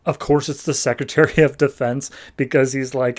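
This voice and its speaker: A man's voice: mid-range voice, fairly even intonation, moderate pace. A man hosting a podcast, casually recapping a comic with jokes and acted-out voices. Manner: chatty, jokey, acts out the characters. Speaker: podcast host.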